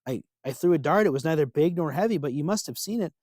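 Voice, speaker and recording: A man's voice: on the high side, animated, quick pace, a little mellow, no room sound, clean studio sound. A man voicing a strong blind young god who sounds wistful and left out. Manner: wistful, plaintive.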